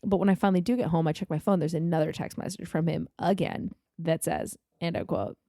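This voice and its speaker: A woman telling a bad date story in casual chat, lively and swearing as she acts out what people said. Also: low-pitched, fairly quick, vocal fry, no room sound, studio quality. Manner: animated, swearing, acts out quotes. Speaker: guest.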